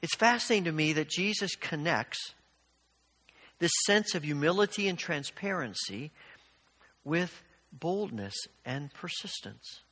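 An older male pastor preaching a sermon. His voice is bright and sits a little high, and he tells stories in a conversational, earnest way. The sound carries a long reverb, as in a large hall. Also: animated, a little slow, husky.

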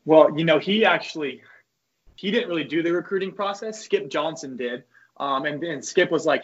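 A young man, a former college pitcher, telling loose, profane stories as a podcast guest. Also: moderate pace, highs cut off. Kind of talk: casual podcast chat.

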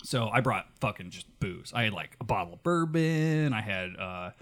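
A man's voice: fairly low pitch, expressive, normal speed, a bit bright. A man with a Nevada accent co-hosting a podcast, telling stories in casual, profane chat and laughing often. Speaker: podcast co-host.

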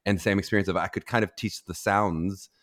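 A man with a low voice hosts a chatty interview, talking fast. He agrees often and asks long, winding questions. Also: steady tone, fairly bright tone. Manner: quick, affirming, backchannels often. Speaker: host. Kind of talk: conversational interview.

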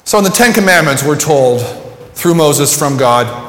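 A man's voice: on the high side, animated, unhurried, fairly bright tone. A middle-aged man preaching a sermon in a conversational, self-deprecating way, acting out bits of dialogue. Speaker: pastor. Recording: echoey hall with long reverb.

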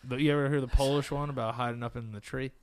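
A man's voice: mid-range voice, steady tone, quick pace, heavy background noise. A man co-hosting a podcast, telling jokes in a rambling way and laughing at them. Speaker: podcast co-host. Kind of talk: casual chat, telling jokes.

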